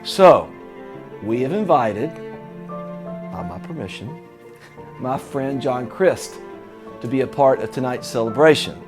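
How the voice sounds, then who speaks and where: A man's voice: medium pitch, animated, unhurried, pauses often, over music. A man hosting a charity fundraiser, reading announcements and introducing a comedian in an earnest way. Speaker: event host. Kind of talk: scripted event announcement.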